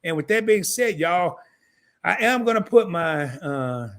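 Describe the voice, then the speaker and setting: A man's voice: fairly high pitch, lively intonation, a bit bright. Slangy upbeat man hosting a live stream. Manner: loose slangy banter, quick asides to viewers. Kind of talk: casual live stream sign-off.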